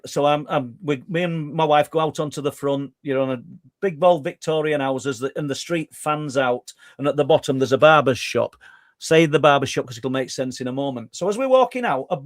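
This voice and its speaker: A middle-aged guest researcher from Yorkshire, England, with a Yorkshire accent and a voice on the high side, tells a long story in conversation. He is talkative and animated, with many stumbling restarts. The studio sound is clean with no echo.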